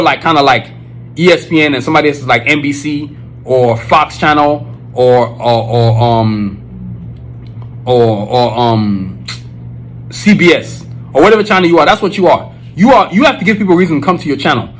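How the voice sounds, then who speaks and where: A man's voice: fairly high pitch, brisk, a bit bright, faint music behind, low-quality recording. A male podcast host giving an emphatic, preachy casual monologue, full of filler phrases.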